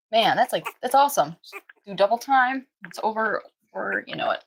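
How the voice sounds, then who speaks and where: A woman's voice: lively intonation, normal speed, gravelly, a little hiss or hum, rough recording. A woman breeder hosting a casual live stream from home, chatting loosely with fillers and restarts. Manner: chatty, coos in high baby talk to puppies. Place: indoors at home.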